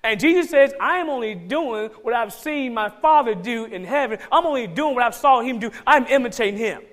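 A man's voice: extremely high pitch, lively intonation, a little fast, a bit bright. A man with a Georgia Southern accent preaching a sermon as pastor, emphatic and repeating key phrases for stress.

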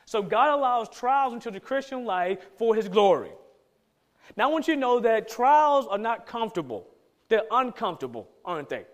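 High-voiced man preaching a sermon. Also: very animated, normal speed. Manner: emphatic, repeats key lines for stress. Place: church.

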